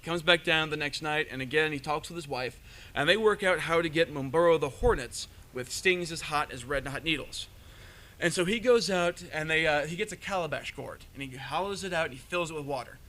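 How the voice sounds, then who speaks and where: A man tells a folk tale to a live audience in an animated, joking way, with the odd "uh" along the way. His voice is bright and sits a little high for a man. He was recorded live at a panel in a convention room. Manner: animated, jokey retelling with fillers. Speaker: panelist storyteller.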